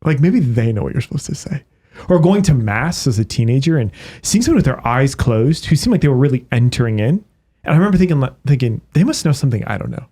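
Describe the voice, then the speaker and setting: A man who is a priest, chatting on a podcast. He tells stories with animated energy, his voice at an everyday middle pitch. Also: quick pace, breathy edge. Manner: animated storyteller. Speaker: priest guest. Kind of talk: casual podcast conversation.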